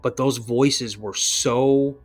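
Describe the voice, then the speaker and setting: A man's voice: mid-range voice, steady tone, slow, faint music behind. A man, a podcast guest, telling a personal encounter story in a rambling way, full of "you know" and restarts.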